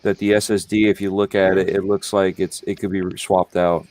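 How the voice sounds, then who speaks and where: A man's voice: sits low, flat delivery, brisk, a little mellow, no room sound. A man co-hosting a casual gaming chat, matter-of-fact and insistent about his points. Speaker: podcast co-host.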